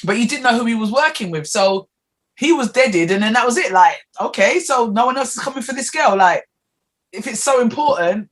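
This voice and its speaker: A woman talks casually on a podcast, her voice moving widely in pitch. She sounds animated and conversational, full of little fillers as she reacts to her friends. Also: brisk. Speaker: podcast co-host. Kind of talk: casual chat.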